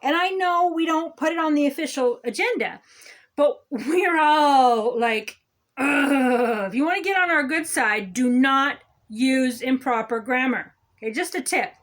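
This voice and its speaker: A woman's voice: sits high, moderate pace, fairly bright tone. A woman playing a smug, condescending male city councilman who lectures on grammar in a satirical comedy monologue. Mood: smug lecturing. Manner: condescending, lecturing, repeats "okay?".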